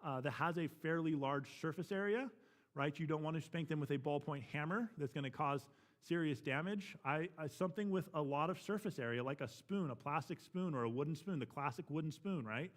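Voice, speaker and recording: A man's voice: on the high side, a little fast. A man teaching a church parenting class, talking frankly and matter-of-factly, often checking in with "right?".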